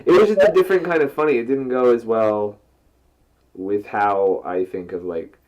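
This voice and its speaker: A man's voice: on the low side, moderate pace, a little mellow. A man co-hosting a casual couples podcast, talking in a laid-back, rambling way and swearing freely. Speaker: podcast co-host. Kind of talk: casual chat. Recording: muffled lo-fi mic.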